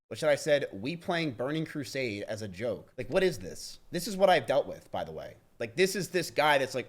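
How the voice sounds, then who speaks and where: A young man on a live stream, telling a story in a heated, rapid rush full of swearing and restarts. His voice sits at an ordinary middle pitch for a man, and he talks straight to his chat. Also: animated. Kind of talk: livestream rant to chat.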